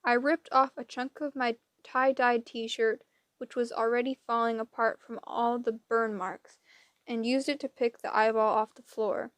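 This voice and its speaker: A woman reading an audiobook with lively, dramatic storytelling. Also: a little high, a little slow, dry recording. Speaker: audiobook reader. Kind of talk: expressive audiobook narration.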